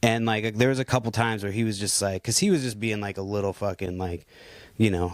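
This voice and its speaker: A man in his thirties rambles through a heated, profane monologue, full of restarts and asides. His voice sits on the low side. The recording is dry, with no room sound. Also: steady tone, brisk, no echo. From Puerto Rico. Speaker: podcast host. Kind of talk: casual ranting monologue.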